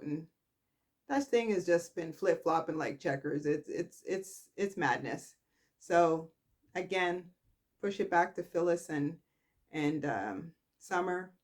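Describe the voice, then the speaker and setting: A woman casually recapping a soap opera, chatty and animated, acting out the characters' lines. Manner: chatty, slow, acts out characters' lines with big pitch jumps. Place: at home.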